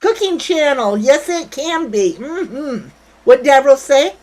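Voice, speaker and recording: A woman's voice: sits high, animated, slow, a little mellow, poor audio. An older woman hosting a casual livestream, blunt and brash, chatting with viewers and reading their comments. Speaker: livestream host.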